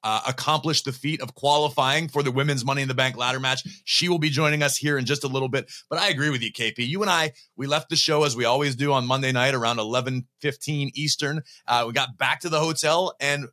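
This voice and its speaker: Bright-voiced man hosting a chatty podcast. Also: mid-range voice, fairly even intonation, quick pace, few pauses. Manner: playful teasing banter. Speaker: podcast host. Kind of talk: casual chat.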